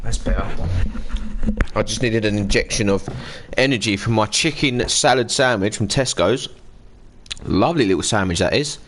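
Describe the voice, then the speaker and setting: A man's voice: fairly low pitch, normal speed, a bit bright, slight background noise. A man, chatting casually on a live stream as he plays a football management game, greeting viewers by name and reading game text aloud. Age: 30s. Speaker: gaming livestreamer.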